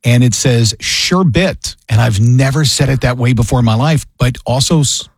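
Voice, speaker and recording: A man's voice: medium pitch, steady tone, a little fast, vocal fry, darkish tone, slightly rough, no room sound, clean studio sound. A middle-aged man hosting a morning radio show, bantering casually and tripping over his words in a self-deprecating way. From Wayne County. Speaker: radio host. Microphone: studio microphone.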